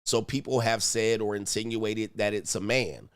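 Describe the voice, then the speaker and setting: A man hosting a casual reaction commentary, animated and profane, with laughing asides. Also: on the low side, normal speed, smooth, no room sound. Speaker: commentary channel host.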